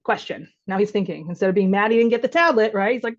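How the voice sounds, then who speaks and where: Woman doctor leading a relaxed caregiver workshop, chatty, mid-pitched voice, slightly muffled audio. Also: fast talker. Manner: conversational, acts out dialogues. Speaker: physician giving a caregiver workshop. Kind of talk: informal workshop talk.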